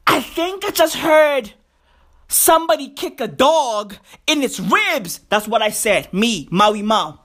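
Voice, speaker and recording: Slow, ranting woman with a lively pitch. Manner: exasperated, repeats phrases, bursts into shouts. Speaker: podcast host. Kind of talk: profane comedic rant.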